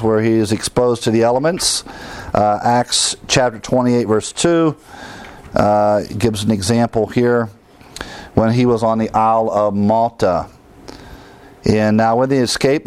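A man's voice: fairly low pitch, a little mellow. A middle-aged man pastor preaching a sermon in a conversational teaching style, chuckling now and then and restarting his sentences.

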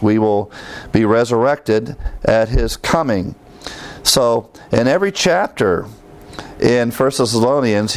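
A man with a somewhat low voice teaching through a Bible book. He talks in a loose, conversational way, pausing on fillers and asking his listeners questions.

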